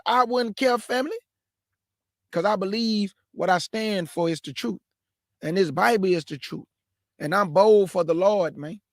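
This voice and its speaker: A man's voice: high-pitched, no room sound, studio quality. A man preaching live to young people, fervent and repetitive, often calling listeners man and family. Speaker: host and preacher.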